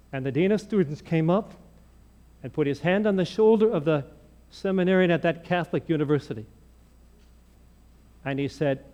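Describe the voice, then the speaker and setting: A male preacher giving a sermon, telling stories in an animated way and acting out the dialogue. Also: a little high, normal speed, long pauses. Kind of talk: sermon storytelling.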